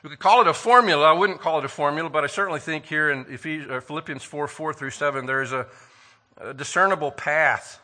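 Bright-voiced man preaching a sermon. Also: on the high side. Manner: earnest, emphatic preaching with rhetorical questions; slows down to stress key phrases. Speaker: pastor.

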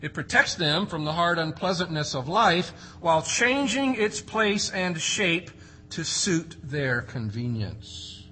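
A man's voice: a little high, pushed and bright, a little hiss or hum, low-quality recording. A man preaching an expository sermon, emphatic, with rhetorical questions and strong rises and drops for stress. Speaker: pastor.

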